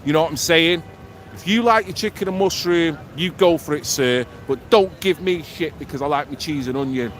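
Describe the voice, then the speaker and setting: A man's voice: fairly high pitch, moderate pace, rough recording. A man from Manchester with a Mancunian accent, live-streaming outdoors on a city square, chatting bluntly and jokily with plenty of swearing. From Manchester, England. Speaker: livestream host. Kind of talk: casual street livestream chat. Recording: loud street noise behind.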